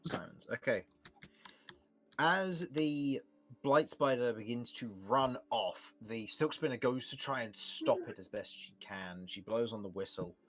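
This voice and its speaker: A young man running a tabletop game in an easy, unhurried way. His voice sits at an ordinary middle pitch, and he often laughs and circles back mid-sentence. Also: animated, fairly bright tone. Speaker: game master.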